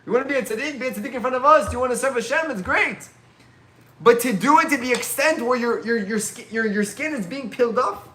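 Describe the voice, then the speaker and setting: A man voicing a group of anguished male disciples, shouting and pleading with their teacher. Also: very high voice, quick pace, reverberant, slight background noise, pitched above the performer's own voice. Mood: desperate.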